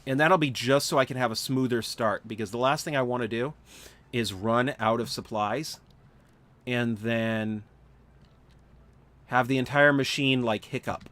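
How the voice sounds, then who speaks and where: A man's voice: mid-range voice, unhurried, long pauses, fairly bright tone. A sleepy, yawning man casually talking through his gameplay on a livestream, thinking aloud with lots of fillers and restarts. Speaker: gaming livestreamer. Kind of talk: casual live gameplay commentary.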